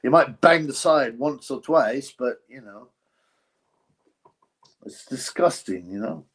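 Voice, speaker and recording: A man of ordinary pitch talks through a live boxing stream in a blunt, ranting way, with chuckling asides. He reacts off the cuff and stops to thank viewers for donations. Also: expressive, slow, a bit bright. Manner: reads viewer donations aloud. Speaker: livestream host.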